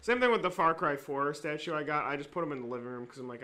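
A young man co-hosting a podcast, chatting in a quick, offhand way. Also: a little high, expressive, bright, forceful tone. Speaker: podcast co-host. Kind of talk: casual chat.

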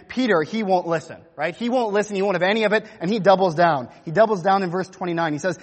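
A man's voice: high-pitched, fast talker, few pauses, long reverb tail. A man preaching a sermon, telling the story vividly and acting out the quotes. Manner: animated storytelling, acts out quotes. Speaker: pastor.

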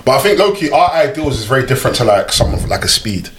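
A man's voice: mid-range voice, sing-song, fast, slight background noise. A British man, chatting animatedly in a podcast and acting out quotes as he laughs. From Britain. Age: 20s. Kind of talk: casual chat. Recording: echoey room.

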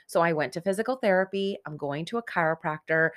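A woman in her forties talks earnestly about self-love in a casual, motivational way. She speaks directly to her listeners, and her voice sits a little on the lower side. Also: fast talker. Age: 40s. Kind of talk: motivational self-help talk.

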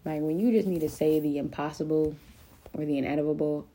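Slight background noise sits under a young woman's deep, dark voice as she talks a little fast with fairly even intonation. Hosting a podcast solo, she rambles and vents confessionally, swearing often and using lots of "like" and "um."

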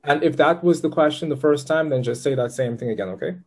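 A man's voice: on the high side, quick pace. A man giving a live tarot reading to a client, upbeat and chatty, with patient step-by-step directions. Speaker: tarot reader.

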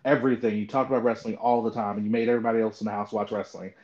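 A man's voice: fairly low pitch, rapid-fire. A man hosting a podcast in casual chat, telling stories with lots of fillers and acting out what others said. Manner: animated storyteller, acts out quoted voices. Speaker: podcast host. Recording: dull lo-fi sound.

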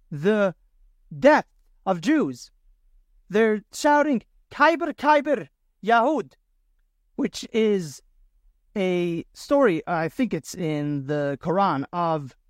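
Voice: medium pitch, no room sound, studio quality. A podcast host delivering a solo commentary monologue, indignant and sarcastic, firing off rhetorical questions. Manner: sarcastic mockery.

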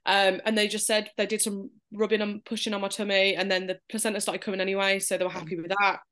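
A woman's voice: mid-range voice, little pitch movement, fast talker, fairly bright tone. A woman, a podcast guest, telling a story in casual chat and acting out the voices she quotes.

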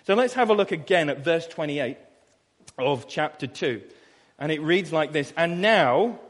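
A man from Suffolk, England, preaching a sermon as pastor, reading scripture slowly and then explaining it in a chatty, anecdotal way. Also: fairly high pitch, expressive, long reverb tail. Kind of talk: expository sermon. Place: church hall.

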